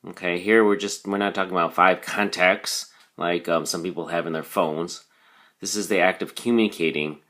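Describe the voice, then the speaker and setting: A man's voice: sits low, fairly even intonation, normal speed, a bit bright. A man teaching a recorded vocabulary lesson, explaining patiently with frequent ums and "okay?" check-ins.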